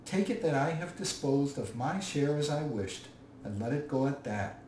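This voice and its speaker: A man's voice: medium pitch, lively intonation, moderate pace, darkish tone, close to an everyday voice. Man doing a fussy indignant hobbit, roomy distant sound, faint hiss.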